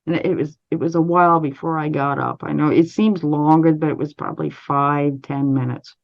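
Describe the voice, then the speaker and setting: A Canadian woman, an interview guest, recounting a personal story in a measured, steady way with frequent restarts. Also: low voice, vocal fry, muffled recording.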